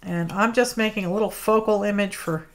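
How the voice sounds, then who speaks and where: A woman's voice: medium pitch, steady tone, fairly quick. A woman hosting a live craft stream, chatting casually while she works and greeting viewers by name. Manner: chatty, greets viewers by name, apologetic about mispronouncing names. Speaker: craft livestream host. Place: home craft studio.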